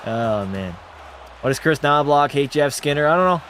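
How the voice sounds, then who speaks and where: A man with a somewhat high-pitched voice hosts a livestream, chatting loosely with his viewers. He jokes, swears freely, and teases the chat as he reacts. Faint music plays beneath his talk. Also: a bit bright. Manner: joking, profane, banters with chat. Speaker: livestream host. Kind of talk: casual commentary reading chat.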